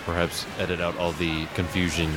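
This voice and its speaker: A man's voice: low-pitched, completely flat delivery, a little fast, background noise. A man co-hosting a podcast, making dry wisecracking remarks while his friend plays a game. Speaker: podcast co-host. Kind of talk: casual gameplay chat.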